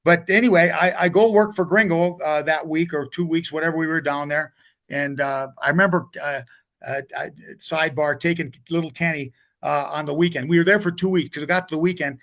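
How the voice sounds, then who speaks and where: An older man tells hockey stories in a loose, rambling way, starting over and wandering off track. His voice has a gravelly rasp and sits a little high for a man. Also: fairly even intonation, brisk, fairly bright tone. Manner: rambling, many restarts, drifts off track. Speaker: guest hockey coach. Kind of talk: casual storytelling interview.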